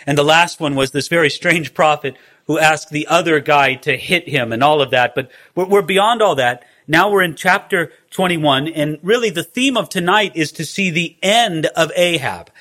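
A man's voice: fairly high pitch, moderate pace, few pauses, bright, forceful tone. A man teaching a Bible study in a conversational way, with wry asides.

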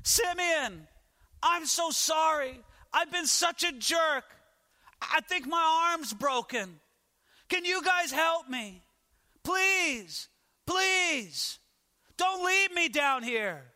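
A man's voice: very high voice, lively intonation, drawn-out words, bright, forceful tone, long reverb tail, pitched above the performer's own voice, exaggerated voice. A male preacher voicing a desperate young man trapped in a pit, pleading frantically for help.

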